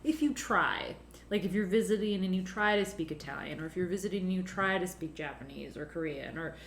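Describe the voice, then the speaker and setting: A woman's voice: lowish voice, a little fast. A woman chats casually as a podcast co-host, loose and profane. Her voice carries a roomy echo, and there is a faint hiss behind her. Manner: chatty, swearing, laughing easily. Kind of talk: casual chat.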